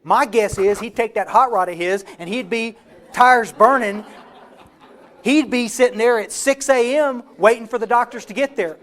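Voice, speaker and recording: A man with a Texan accent giving a fast, folksy and emphatic recovery talk to a workshop audience. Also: very high voice, fairly bright tone. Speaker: recovery speaker.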